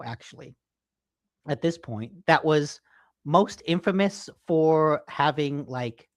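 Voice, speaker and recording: A man's voice: fairly high pitch, no echo. Male co-host, casual rambling chat, dry home mic. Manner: rambling, teasing, filler-heavy. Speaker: podcast co-host. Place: home office.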